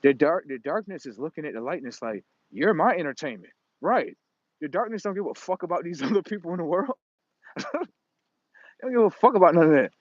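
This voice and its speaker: Man ranting solo to camera, slightly higher voice, dry dull lo-fi sound, cursing and emphatic. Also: very animated, fairly quick, no room sound. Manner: profane, emphatic, rambling. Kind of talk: casual monologue. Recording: dull lo-fi recording.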